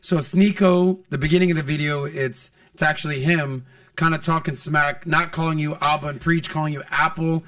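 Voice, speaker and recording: A man hosting a podcast, talking casually and throwing himself into acted-out quotes. His voice sits a little high for a man, and he sounds a bit back from the microphone. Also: moderate pace, far from the mic. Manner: animated storyteller, acts out quotes. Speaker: podcast host.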